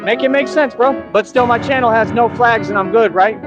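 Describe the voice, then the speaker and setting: Defiant, taunting man over loud music. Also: very high voice, brisk. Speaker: livestreamer. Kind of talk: confrontational livestream rant. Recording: muffled clip with loud music.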